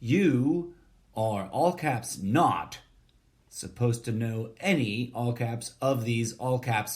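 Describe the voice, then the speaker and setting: A man reads a short story aloud at an unhurried, drawn-out pace. His delivery is deadpan and deliberate, and he even speaks the formatting and punctuation. His voice sits at an ordinary middle pitch. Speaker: podcast host reading a short story.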